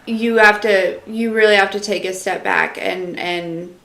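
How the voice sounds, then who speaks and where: In a mid-range, steady, fairly bright voice, a woman speaks a little slowly in an echoey room. Acting as an intuitive reader, she delivers a loose, filler-heavy channeled message on a live stream, chatting directly with viewers and taking up their comments.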